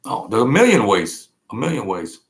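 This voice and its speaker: A man's voice: fairly low pitch, wildly swooping pitch, a little fast. A man talking in a blunt, rambling monologue full of street slang. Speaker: vlog host. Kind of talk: casual monologue.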